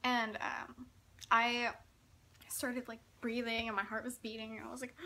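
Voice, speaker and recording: A young woman recounts a story in a chatty vlog, laughing often and tumbling over her words with excitement. Her voice sits a little high and sounds very bright. A faint hiss runs underneath. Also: a little slow. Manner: giggly, breathless and excitable, full of "like". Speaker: vlogger.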